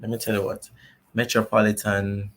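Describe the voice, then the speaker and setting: A man with a Jamaican accent, chatting as a guest in an interview, animated and laughing often. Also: lowish voice, normal speed. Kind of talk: casual interview chat.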